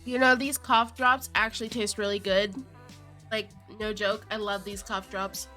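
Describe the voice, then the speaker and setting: A young woman streaming live, chatting casually to viewers, giggly and excitable, with a cold and chewing cough drops. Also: mid-range voice, a little slow, faint music behind. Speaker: VTuber streamer.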